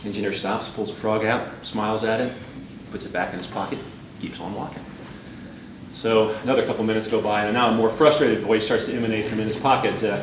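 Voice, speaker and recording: Man, relaxed anecdote-teller, distant mic, roomy echo, noise behind. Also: on the low side, brisk. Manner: relaxed storyteller, amused. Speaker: automaker spokesman. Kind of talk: telling a joke, then introducing a car.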